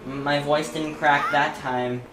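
Low-voiced woman narrating gameplay. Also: slow pace, echoey room, background noise. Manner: chatty, talks to herself, bursts into excited yelps. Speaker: let's play host. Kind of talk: casual gameplay commentary.

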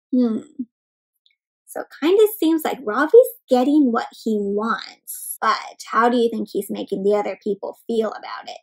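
A woman doing an interactive read-aloud of a picture book for children, expressive, gasping and asking the kids questions. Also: on the high side, a little slow, vocal fry, breathy edge, low-quality recording. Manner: expressive, often gasps, asks kids questions. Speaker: children's storyteller.

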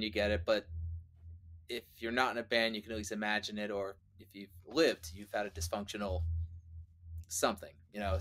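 A man's voice: fairly low pitch, fairly bright tone. A man, a guest musician on a podcast, talking reflectively and thoughtfully about a song in casual conversation. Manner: reflective, thoughtful, chuckles often.

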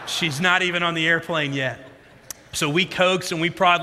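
A man in his thirties preaching a sermon as a pastor, telling stories in an animated way that moves between loud emphasis and quiet reflection. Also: a little high, normal speed, slight background noise. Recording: long hall reverb.

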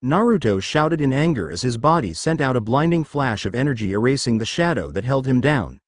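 A man's voice: medium pitch, sing-song, a little fast, dry recording, studio quality. A man reading a fanfiction story aloud as narrator.

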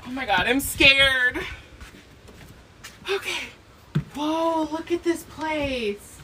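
A woman's voice: high-pitched, unhurried, background noise. A woman playing a nervous, jumpy kid in a comedic skit. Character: scared kid exploring a haunted shed.

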